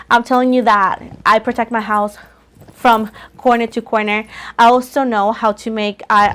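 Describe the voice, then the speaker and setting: Her voice sits a little high and has a fairly bright tone, though it's somewhat rough from coughing. As the host of a tarot channel, she chats casually to viewers, wandering off topic and repeating herself often.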